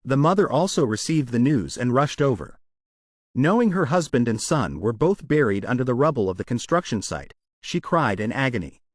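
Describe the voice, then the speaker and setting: A man tells a comic's story in a steady read-aloud style. His pitch moves a lot, rising and falling across each sentence. The sound is close and dry, with no room around it. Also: normal speed, no room sound. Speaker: manhwa recap narrator. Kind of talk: scripted story narration.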